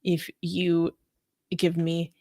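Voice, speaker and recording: A woman's voice: on the low side, completely flat delivery, very slow, mellow, dry recording, studio quality. A woman co-hosting a casual livestream, chatty and laughing often, with lots of fillers. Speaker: co-host.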